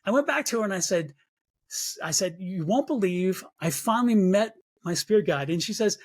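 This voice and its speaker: A man with a notably high speaking voice shares a personal spiritual story as an interview guest. He acts out his own past reactions with animation. He restarts often, repeating words as he goes. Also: expressive, moderate pace. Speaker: psychic medium guest.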